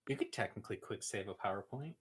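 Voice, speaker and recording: A man's voice: on the low side, lively intonation, fast talker, breathy edge. A man chatting casually as the friend on a stream, giving brief laid-back replies. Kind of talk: casual chat.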